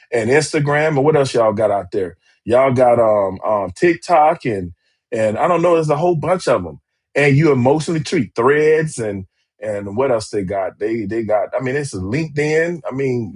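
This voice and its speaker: Male relationship host, husky voice, emphatic and repetitive, talks straight to a live audience. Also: mid-range voice, darkish tone. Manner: emphatic and repetitive, calling out to viewers. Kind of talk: live-streamed talk show.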